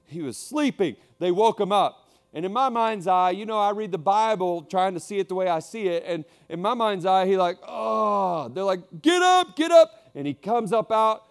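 A male pastor delivers a sermon with a somewhat higher pitch than most men. He drops to near-whispers, then climbs to loud, ringing declarations and drives home points with repetition. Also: moderate pace, gravelly, smooth. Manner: preaching with swings from hushed to loud, emphatic repetition.

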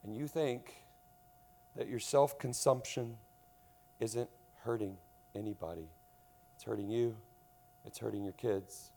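A man preaching a sermon to a congregation, swinging from loud emphasis to hushed tones and asking the room questions. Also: lowish voice, a little slow, gravelly, pauses often. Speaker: pastor.

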